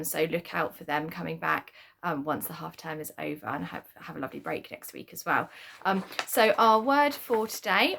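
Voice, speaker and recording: A woman's voice: mid-range voice, fairly bright tone. Chatty woman teaching spelling. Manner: chatty, lots of "um" and "kind of" fillers. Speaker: primary school teacher. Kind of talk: spelling lesson for children.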